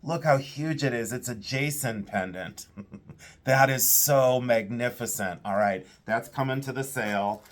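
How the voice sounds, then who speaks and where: A man's voice: medium pitch, unhurried. A man who sells vintage jewelry, giving casual, enthusiastic commentary as he sorts items and thinks aloud.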